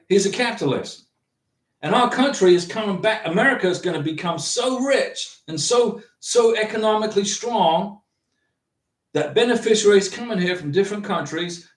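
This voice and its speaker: A man hosting a livestream, chatting casually and reading out viewer comments in an animated, rambling way with many restarts. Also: high voice, distant mic. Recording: roomy echo, from off the mic.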